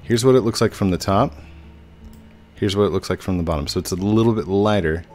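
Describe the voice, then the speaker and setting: A man's voice: brisk, darkish tone. A young man giving chatty, playful gameplay commentary as a YouTuber, laughing often. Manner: playful, chatty, laughs often, squeaky put-on voices when quoting. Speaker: gaming YouTuber. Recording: faint game music behind.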